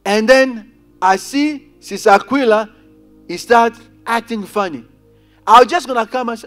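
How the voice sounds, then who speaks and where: High-voiced man preaching a sermon. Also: unhurried, long pauses, fairly bright tone, faint music behind. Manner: preaching with rising and falling intensity, addressing congregation directly. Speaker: pastor. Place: church.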